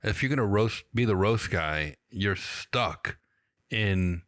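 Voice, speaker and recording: A man talking as a guest comedian in a casual interview, modest and unhurried. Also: on the low side, animated, fairly bright tone, no room sound, clean studio sound.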